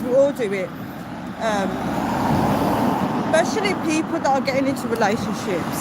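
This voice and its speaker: A woman on a casual live video, chatty, easily distracted and apologetic, out of breath as she walks along a city street talking into her phone. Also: fairly high pitch. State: out of breath from walking. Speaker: vlogger doing a live video. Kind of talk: casual rambling live stream while walking. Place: busy city street outdoors. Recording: loud street traffic behind.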